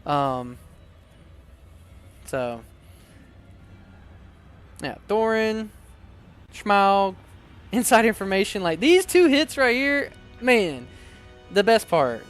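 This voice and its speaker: A man hosting a casual card-opening video, chatting excitably and reading card text aloud. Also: sits high, drawn-out words, pauses often, clean tone, soft background music. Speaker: card-opening channel host. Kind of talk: casual unboxing chat.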